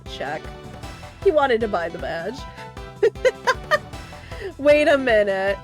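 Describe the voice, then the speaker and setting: Woman streamer, high voice, giggly think-aloud commentary with music under it. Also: big pitch swings, very slow. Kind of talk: casual game commentary.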